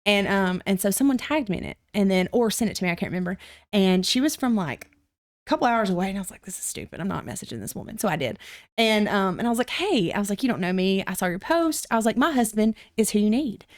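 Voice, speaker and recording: This young adult podcast guest speaks quickly, spinning a lively, informal story and voicing quoted lines with abrupt leaps in pitch.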